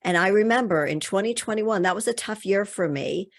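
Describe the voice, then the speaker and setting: A woman hosting a podcast, speaking in a reflective, personal way and sharing her own experience with her guest. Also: brisk. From Connecticut. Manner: reflective, personal, low-key. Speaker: podcast host. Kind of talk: casual interview chat.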